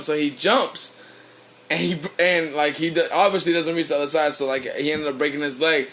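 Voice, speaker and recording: A man's voice: a little high, steady tone, moderate pace, a bit bright. A young man, a podcast co-host, telling a loose, rambling story in casual chat, swearing freely.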